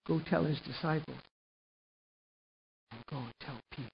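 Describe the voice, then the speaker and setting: A man preaching a sermon and retelling a gospel story, swinging from quiet narration up to loud, emphatic passages. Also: on the high side, normal speed, gravelly, husky. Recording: muffled lo-fi recording with faint hiss.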